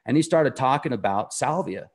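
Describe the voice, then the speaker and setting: A man of ordinary pitch speaks as an interview guest. He tells his story conversationally, earnest and enthusiastic, and wanders from point to point. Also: lively intonation, normal speed. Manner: earnest, enthusiastic, rambling delivery.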